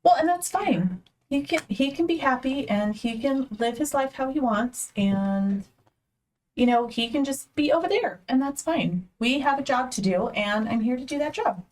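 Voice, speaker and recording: A woman's voice: sits high, animated, moderate pace, darkish tone. A woman role-playing her character in a tabletop game, answering in a curt, defensive way. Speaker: player. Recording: distant mic.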